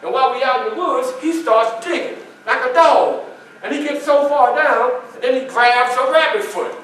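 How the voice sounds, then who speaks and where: A man's voice: very high-pitched, normal speed, fairly bright tone, slight background noise. Folksy male reenactor in an echoey room. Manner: folksy, questions the audience, plays the other people in the story. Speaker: historical reenactor. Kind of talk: first-person character storytelling to an audience. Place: library meeting room. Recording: echoey room from a far camera.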